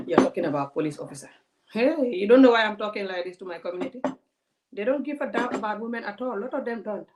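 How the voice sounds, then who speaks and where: A woman, a vlogger giving animated, indignant commentary to her audience. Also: medium pitch, fast, poor audio. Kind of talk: casual commentary to a live audience.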